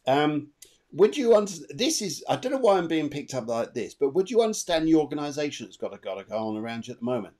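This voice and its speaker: A man giving live psychic readings as co-host of an online show, chatty and animated, repeating himself as he goes. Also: fairly high pitch, fast talker. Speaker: medium and co-host. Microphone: video call.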